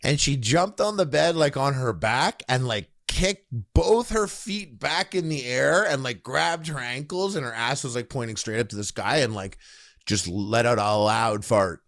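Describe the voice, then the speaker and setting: Animated man telling stories on a podcast. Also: mid-range voice, a little slow, no room sound, clean studio sound. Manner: animated storyteller, acts out scenes. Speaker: podcast co-host. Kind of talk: casual podcast banter.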